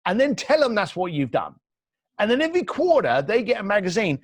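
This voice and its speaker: Casting man guest, animated, blunt storyteller, raised pitch, swinging intonation, dry close sound. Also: fairly quick, no room sound. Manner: blunt, energetic, acts out quoted dialogue. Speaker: entrepreneur guest.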